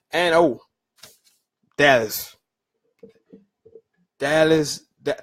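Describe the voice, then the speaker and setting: A middle-aged man hosting a solo sports talk podcast, loose and opinionated, with fillers and stumbles as he reads through lists. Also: a little high.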